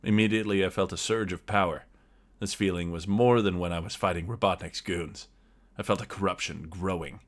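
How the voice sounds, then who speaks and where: A man with a very low voice narrates his character's actions in first person during a tabletop story game. He tells it in a steady, descriptive way. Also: brisk.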